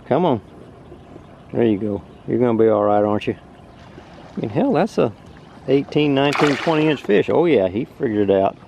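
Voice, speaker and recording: A man fly fishing on a river, chatting to the camera and exclaiming excitedly over the fish he sees and catches. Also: mid-range voice, normal speed, creaky, pauses often, lo-fi sound, a little hiss or hum. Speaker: fishing vlogger. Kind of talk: casual outdoor narration while fly fishing. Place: on a river outdoors.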